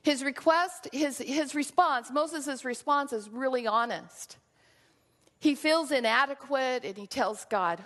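Woman pastor, sermon delivery, earnest and reflective, slightly high voice, echoing church hall. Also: takes it slowly, a bit bright. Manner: earnest, reflective preaching with acted quotes. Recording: long reverb of a large hall.

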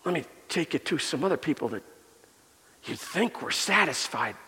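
A male pastor preaching a sermon and telling a personal story, earnest, building up and softening by turns. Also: fairly high pitch, lively intonation, moderate pace. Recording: long reverb of a large hall.

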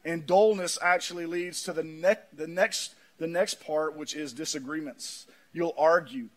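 A man preaching a sermon in a folksy manner, swinging from shouts down to low, quiet lines. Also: fairly even intonation, a little slow. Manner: folksy, says "man" often. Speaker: pastor.

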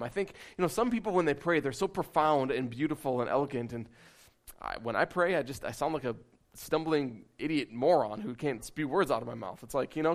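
A man preaching a sermon in a conversational, animated, self-deprecating way. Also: medium pitch, fairly quick. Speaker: pastor.

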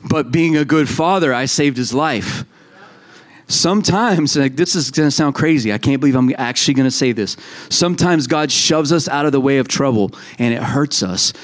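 A man's voice: mid-range voice, animated, normal speed. A man in his thirties preaching a sermon in a conversational way, telling stories and acting out quoted voices. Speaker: pastor.

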